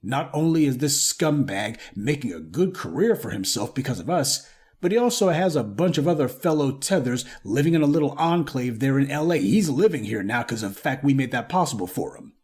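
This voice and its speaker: A man's voice: mid-range voice, expressive, brisk, a little mellow. A man with a Southern American accent delivering a scornful, emphatic opinion monologue as a live-stream commentator. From Southern United States.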